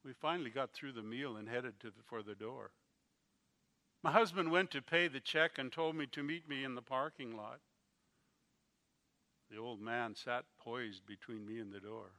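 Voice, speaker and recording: A man preaching a sermon, telling a story slowly and with feeling, his volume rising and falling. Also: mid-range voice. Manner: slow, emotional storytelling with swings in loudness.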